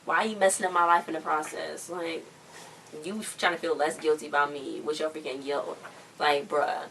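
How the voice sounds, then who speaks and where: Woman, deep-ish voice, casual slangy show recap, mic set back from her. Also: fairly even intonation, normal speed, a bit bright, distant mic, slight background noise. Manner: chatty, slangy, acts out quotes.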